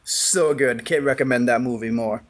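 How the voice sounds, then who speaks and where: A man's voice: mid-range voice, normal speed. A man on a podcast, talking in a laid-back, hesitant casual way. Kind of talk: casual chat.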